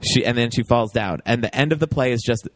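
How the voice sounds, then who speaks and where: A man's voice: mid-range voice, quick pace, dry recording, studio quality. A man chatting casually about a TV show, rambling with lots of fillers and laughs.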